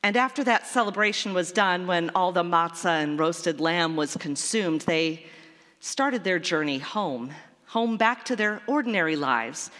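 A woman's voice: on the low side, fairly bright tone. A woman pastor preaching a sermon in a lyrical, repetitive, wondering way. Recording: long church reverb.

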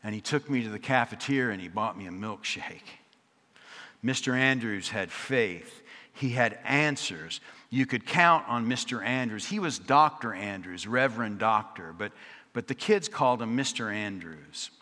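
A man delivers a storytelling sermon with a bright, clear voice. He drops in wry, chatty asides and leans on rhythmic repetition. The sound rings out with a long reverb, as in a church sanctuary. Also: on the low side, lively intonation, moderate pace. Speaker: preacher. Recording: long reverb of a large hall.

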